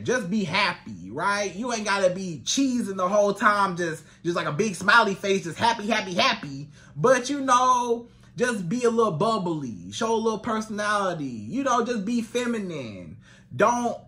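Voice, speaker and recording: A man giving casual dating advice to the camera, animated and colloquial, repeating his phrases. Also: sits high. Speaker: dating coach.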